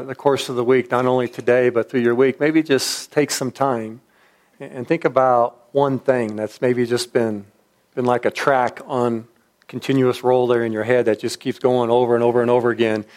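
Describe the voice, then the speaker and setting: A man's voice: mid-range voice, darkish tone. A man preaching a sermon, telling a story in a reflective way with frequent restarts. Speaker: pastor.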